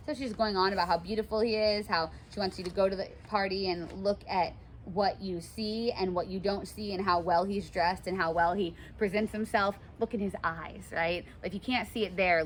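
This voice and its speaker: A woman's voice: on the low side, moderate pace, hardly any pauses, slight background noise. Chatty woman teacher lecturing a class. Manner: chatty, animated, many fillers. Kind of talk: classroom lecture with read-aloud passages.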